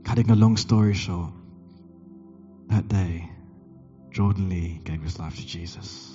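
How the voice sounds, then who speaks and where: A man preaching a sermon, telling a story and acting out the dialogue with big jumps in pitch. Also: a little slow, dark tone, dull audio, faint music behind. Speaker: pastor.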